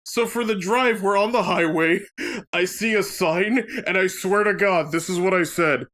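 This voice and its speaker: A man's voice: high-pitched, normal speed. A young man in his twenties, host of a game let's play, telling a story in casual chat and laughing through it. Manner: giggly, animated, keeps laughing mid-sentence.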